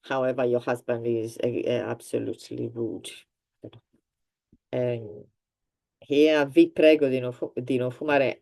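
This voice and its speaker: A woman with an Italian accent teaching a grammar lesson, explaining slowly with example sentences and laughing now and then. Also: rumbling low, steady tone, mellow. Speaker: language teacher.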